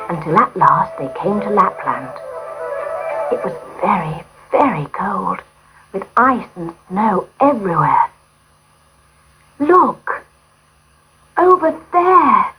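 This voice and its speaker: Woman storyteller, slow, lively pitch, gentle, faint music behind. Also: low-quality recording. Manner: gentle, expressive. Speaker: narrator. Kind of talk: storybook narration.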